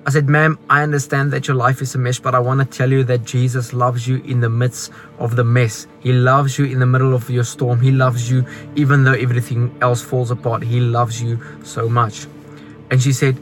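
A man's voice: medium pitch, little pitch movement, normal speed, faint music behind. A South African man giving an earnest, preachy testimony as a travelling evangelist.

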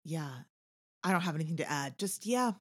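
A woman's voice: deep voice, lively intonation, fairly quick. A woman co-hosting a podcast, chatting casually about a film with dry, wry asides. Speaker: podcast co-host.

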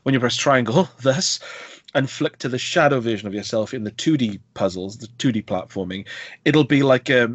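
Guy co-hosting a games podcast, rambly and animated, dry kinda dull audio. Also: medium pitch, moderate pace, no echo. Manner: rambling, many fillers and self-corrections, animated. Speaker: podcast co-host. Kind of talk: casual chat about video games.

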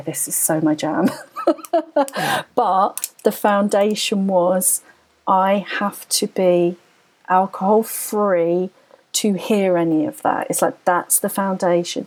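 Husky woman telling her story. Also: medium pitch, a little mellow, poor audio. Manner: earnest, tumbling phrases with restarts. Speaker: podcast guest. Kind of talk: personal storytelling.

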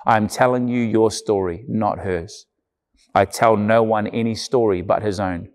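A man voicing a great wise male lion from a storybook, reading him slowly and gravely. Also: lowish voice, steady tone, lightly acted. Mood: solemn. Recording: long church-hall reverb.

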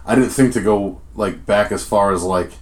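Rambling low-voiced Rhode Island podcast host. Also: male voice, normal speed. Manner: profane, rambling, with many fillers. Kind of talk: casual podcast chat.

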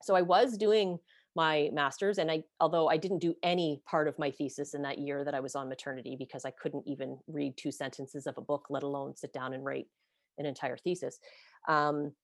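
A woman's voice: low-pitched, fairly even intonation, brisk, dry recording, studio quality. A woman host telling her own story candidly, blunt and self-deprecating, swearing freely. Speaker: podcast host being interviewed.

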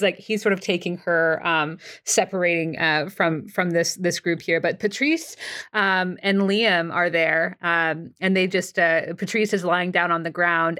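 A woman's voice: on the low side, fairly bright tone. A woman running a tabletop role-playing game as game master. She narrates in a casual, loose way, with plenty of fillers along the way.

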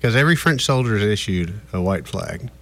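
A man co-hosting a talk radio show, teasing with quick one-liners. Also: lowish voice, expressive, no room sound. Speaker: radio co-host. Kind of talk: casual talk radio banter.

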